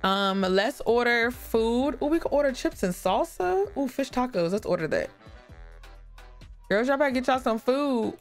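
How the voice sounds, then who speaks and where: Woman, gameplay commentary, lively and chatty, talks to viewers as y'all, faint game music behind. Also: a little high, a little slow. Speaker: gaming YouTuber.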